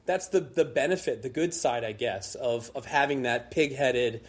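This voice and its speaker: Speaking at medium pitch and normal speed, this middle-aged man is a guest who founded a liqueur brand. He spins a lengthy story at his own expense in a loose, rambling way, full of restarts.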